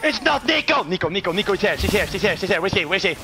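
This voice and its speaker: A young man streaming a game live, excitable and sweary, often bursting into shouts. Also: high-pitched, racing. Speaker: gaming streamer.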